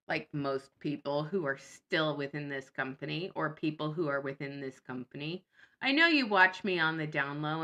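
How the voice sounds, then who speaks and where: A woman's voice: low voice, bright, forceful tone. A woman vlogger in casual chat, blunt and sarcastic.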